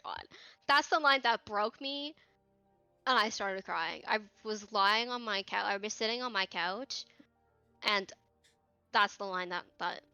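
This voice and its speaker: A young woman talks slowly through her favourite moments, her voice bright and forceful. She sounds candid and emotional, laughing often and swearing freely. The sound is dry and close. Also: medium pitch, creaky, clean tone, dry recording. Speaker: cast member on a recap show. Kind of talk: casual recap chat.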